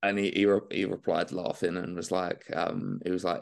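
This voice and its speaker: This young man, a bodybuilding guest, chats casually on a podcast in a low, creaky voice with a level tone and normal speed. He curses liberally and keeps slipping "mate" and "man" into what he says.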